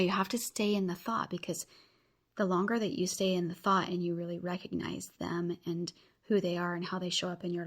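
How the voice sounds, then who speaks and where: A woman in her thirties hosting a podcast, talking earnestly and encouraging her listeners directly as she gives them a challenge. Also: on the low side. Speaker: podcast host. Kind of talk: motivational podcast talk.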